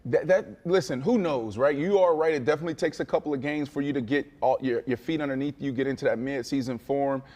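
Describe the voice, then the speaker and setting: A man co-hosting a casual sports talk show, animated and boastful, telling stories with lots of restarts. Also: medium pitch, quick pace, few pauses. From Florida. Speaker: co-host.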